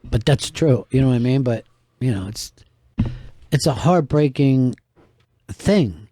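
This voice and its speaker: A man's voice: mid-range voice, expressive, dark tone, no echo. Wry male radio host telling stories. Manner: storytelling, wry, drawn-out anecdotes. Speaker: radio host and stand-up comedian. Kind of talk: casual radio talk.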